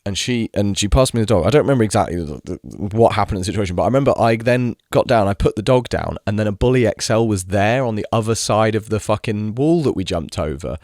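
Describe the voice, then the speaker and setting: A man's voice: fairly low pitch, lively intonation, quick pace, few pauses, a little mellow, dry recording, clean studio sound. A young man ranting in a casual monologue, exasperated, swearing freely and mimicking people mockingly. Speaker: video creator.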